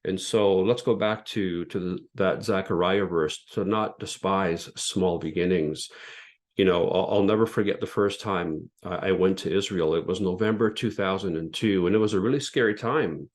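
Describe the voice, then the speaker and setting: A man's voice: low voice, moderate pace. A man in his fifties hosting a podcast, telling a personal story in an earnest, candid way and often repeating words as he goes. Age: 50s. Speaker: podcast host.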